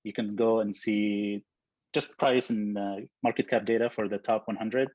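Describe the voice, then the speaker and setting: A man, a software co-founder, talking in a casual interview, thoughtful and full of fillers and restarts. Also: lowish voice, fairly even intonation, normal speed, no room sound, lo-fi sound.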